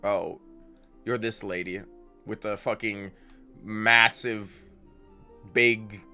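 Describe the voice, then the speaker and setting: Rambling, bright-voiced male streamer. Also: on the low side, fairly even intonation, slow pace, smooth. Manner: rambling, swears casually. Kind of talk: casual gameplay commentary. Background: faint game music.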